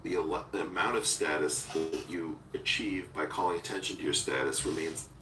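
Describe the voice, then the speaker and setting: A man in a philosophical conversation, talking deliberately and searching for words, using technical terms. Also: extremely low pitch. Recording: roomy echo from far off with faint noise.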